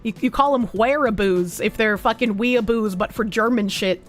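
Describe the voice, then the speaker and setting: A young adult woman from the United States with a Boston accent streams casually, reading out viewer comments. She's playful and profane, full of quick asides and laughs, her fairly high voice set against faint music.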